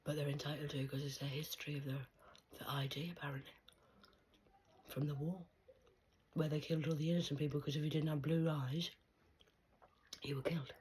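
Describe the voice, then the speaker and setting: A woman's voice: low voice, little pitch movement, fairly quick, long pauses, darkish tone, slight background noise. A woman, talking straight to camera in an erratic, rambling monologue that jumps from one idea to the next. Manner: erratic, rambling, jumping between ideas.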